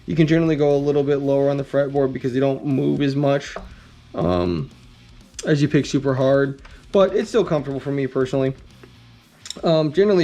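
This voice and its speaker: A man explaining guitar setup in a relaxed, rambling way, with many ums and some blunt cursing. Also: on the high side. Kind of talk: casual instructional talk.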